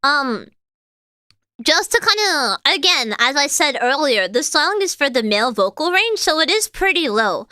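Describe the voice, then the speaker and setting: A woman's voice: high-pitched, very animated, moderate pace, sharp tone, no echo, clean studio sound. A young woman streamer and voice actor chatting casually to her viewers, explaining singing and trying out lines. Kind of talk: casual reaction stream chat.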